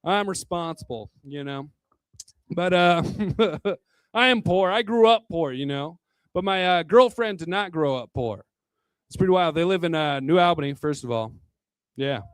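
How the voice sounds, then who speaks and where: Man, stand-up comic, high voice, dry close sound, crude rambling jokes, tipsy, laughs at himself. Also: expressive, normal speed, smooth, no echo. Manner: crude, rambling, chuckles at his own jokes. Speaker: stand-up comedian. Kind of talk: stand-up comedy set. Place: bar hosting a live comedy night. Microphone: handheld microphone.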